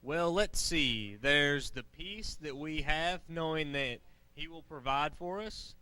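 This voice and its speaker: A man voicing a level-headed puppet crewman in a children's church puppet show, calm and measured with dry teasing. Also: a little high, clear, resonant tone. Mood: explaining.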